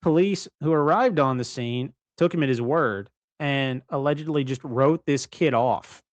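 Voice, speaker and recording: A man's voice: medium pitch, a little slow, no room sound. Man, casual livestream commentary, rambling, self-correcting, dry close sound, bedroom. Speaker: livestream co-host.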